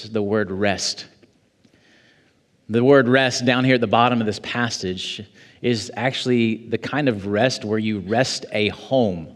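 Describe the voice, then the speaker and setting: A man preaching a sermon as pastor, quoting scripture in a measured way and building to emphatic high points. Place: church sanctuary. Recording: long church reverb.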